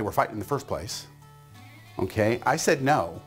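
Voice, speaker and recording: A middle-aged man giving a motivational talk, telling a story in an animated way and acting out the voices in it. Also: medium pitch, moderate pace, faint music behind. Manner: animated, acts out voices in his stories. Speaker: motivational speaker.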